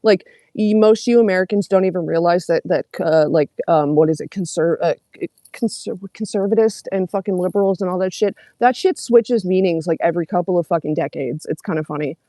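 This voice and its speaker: A woman's voice: fairly low pitch, fairly quick, mellow, no echo. A young woman, livestreaming and reading out comments in casual, sarcastic, profane chat. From Canada.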